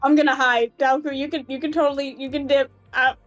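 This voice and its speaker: A woman's voice: high voice, little pitch movement, a little fast, fairly bright tone, soft background music. A woman playing a tabletop role-playing game, thinking aloud with hesitant restarts. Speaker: player.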